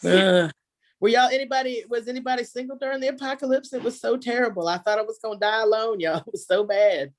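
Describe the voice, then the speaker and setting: A woman's voice: a little high, fast. Chatty woman doing stand-up. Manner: chatty, self-mocking, laughs at own jokes. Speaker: stand-up comedian. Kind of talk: stand-up set. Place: home, virtual show.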